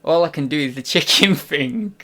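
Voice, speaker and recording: Speaking into a desk mic during a relaxed livestream, this young man jokes around, wanders off topic, and interrupts himself mid-sentence. He has a fairly high, bright voice with a forceful tone, delivered at a moderate pace.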